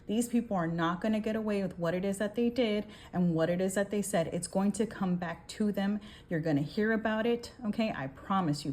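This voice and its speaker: A woman's voice: mid-range voice, a little mellow, a little hiss or hum. A woman giving a casual tarot reading, talking emphatically, swearing and often checking in with "okay?". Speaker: tarot reader.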